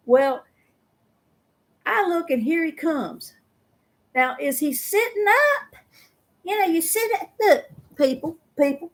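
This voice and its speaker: A middle-aged woman, hosting a casual live chat and telling a story with lively acted-out voices. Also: very high voice, slow, pauses often. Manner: animated storyteller who acts out voices. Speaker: host.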